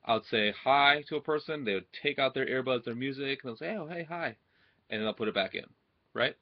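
A man's voice: medium pitch, fast talker, muffled recording. A young man giving social confidence advice to his computer camera in a casual monologue, checking in with "right?" all the time. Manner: repeats "right?" often, acts out quoted greetings. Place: at home in front of his computer. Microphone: computer webcam mic.

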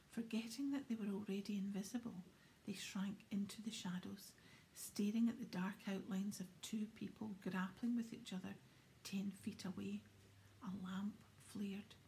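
Give me a woman reading a story in a soft whisper, low and gravelly. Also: a little hiss or hum. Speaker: audiobook reader.

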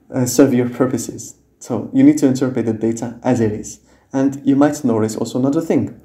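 A man's voice: mid-range voice, warm tone, reverberant. A man teaching a screen-recorded tutorial in a patient, explanatory way, often checking in with the listener, speaking English as a second language. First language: non-native English speaker.

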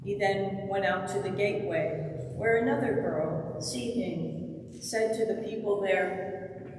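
A lector narrating a Passion gospel reading in a church, slow and formal. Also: mid-range voice, darkish tone, a little hiss or hum. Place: church sanctuary. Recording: echoey church from far off.

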